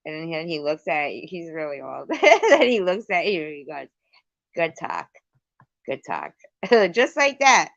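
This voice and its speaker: A woman's voice: on the low side, sing-song, unhurried, vocal fry, dry recording, muffled recording. A woman hosting a livestream, telling a rambling casual story, swearing freely and breaking off to thank viewers. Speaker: livestream host.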